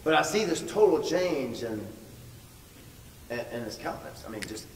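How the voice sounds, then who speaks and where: A man's voice: fairly high pitch, sing-song, moderate pace. A male pastor telling a story in a sermon, stressing words by repeating them. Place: large church hall. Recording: echoey hall from far off, faint noise.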